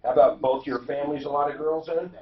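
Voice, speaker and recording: A man co-hosting a radio show, cracking deadpan jokes in casual banter. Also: a little high, quick pace. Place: radio studio. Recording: echoey, distant, lo-fi, with crowd chatter.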